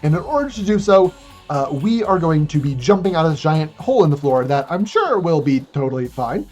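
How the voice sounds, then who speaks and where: A chatty speedrunner talking through a live run, joking about the game's rules and plot while making moves. The delivery rambles and restarts casually, with faint game music playing quietly underneath. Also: medium pitch, animated, fairly quick, muffled recording. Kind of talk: speedrun commentary.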